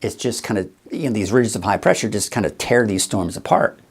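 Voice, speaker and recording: Gravelly-voiced man giving a chatty forecast. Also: fairly low pitch, expressive, brisk. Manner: chatty, explains as he goes, addresses viewers directly. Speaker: TV weather forecaster and show host. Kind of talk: casual live weather forecast.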